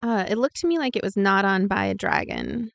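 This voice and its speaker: Gravelly-voiced woman playing a tabletop game. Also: mid-range voice, huge pitch swings, a bit bright, dry recording. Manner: chatty, self-mocking, halting. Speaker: player. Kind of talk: casual tabletop play.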